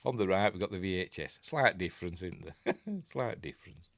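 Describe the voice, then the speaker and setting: In a dry, studio-quality recording, a low-voiced Yorkshire man talks a little fast with lively intonation. He's the host of a film review livestream, chuckling and rambling while responding to viewer comments in casual chat.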